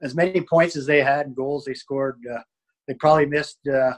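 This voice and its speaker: A man's voice: mid-range voice, fairly even intonation, moderate pace, low-quality recording. Rambling former hockey player, male. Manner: rambling, many fillers and restarts. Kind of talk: casual interview storytelling.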